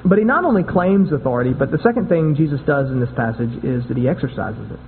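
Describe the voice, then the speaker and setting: A man's voice: medium pitch, animated, fast talker, slight background noise. A man preaching a sermon in a conversational way, often repeating and restarting words. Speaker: pastor. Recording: tinny phone-like sound with long hall echo.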